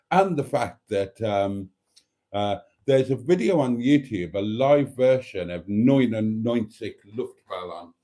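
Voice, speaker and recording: A middle-aged man hosts a relaxed livestream, reading viewer comments and often dissolving into giggles. He talks at an unhurried pace in a warm, mellow voice. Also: medium pitch. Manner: giggly, keeps breaking into laughter. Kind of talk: casual live chat.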